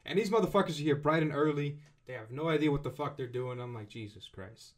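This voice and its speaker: A man's voice: on the high side, fast talker. A young man co-hosting a casual podcast, telling a long story in a rambling, profane, slang-heavy way. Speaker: podcast co-host.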